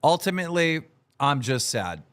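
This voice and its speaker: A man hosting a livestream podcast, shouting out supporters in a sing-song hype voice and then talking low and downbeat. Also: sing-song, moderate pace. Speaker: podcast host. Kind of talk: livestream podcast chat, reading out supporter names.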